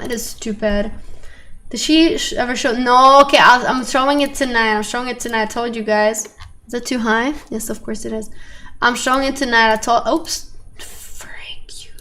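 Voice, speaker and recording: A young woman streams a park-building game with a slightly high voice that carries a gravelly rasp. She talks to her viewers in a chatty, exasperated way, and faint noise sits under the recording. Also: a bit bright. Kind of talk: casual gameplay commentary.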